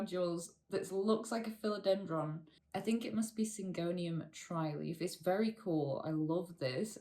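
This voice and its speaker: Casting note: woman vlog host, slightly low voice, close-mic, gushing, excitable, fumbles names. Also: a little slow. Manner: gushing, excitable, stumbles over plant names. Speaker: plant channel host. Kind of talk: casual unboxing vlog. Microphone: close to the microphone.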